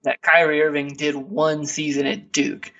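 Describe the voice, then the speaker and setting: A man's voice: a little high, little pitch movement, normal speed, bright, forceful tone. Rambling man on a distant lo-fi mic. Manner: laid-back, rambling, frequent fillers and restarts. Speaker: podcast co-host. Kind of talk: casual chat.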